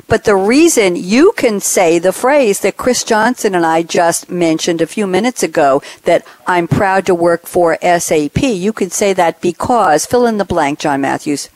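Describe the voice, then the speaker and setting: A woman's voice: fairly low pitch, unhurried, few pauses, a little mellow, dry recording. A woman hosting a talk show, emotional and effusive as she questions guests. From New York. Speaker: host.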